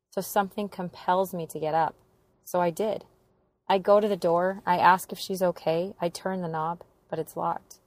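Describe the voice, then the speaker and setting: Gravelly-voiced young woman telling a story. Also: on the low side, a little mellow. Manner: earnest, emotional retelling. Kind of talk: personal story narration.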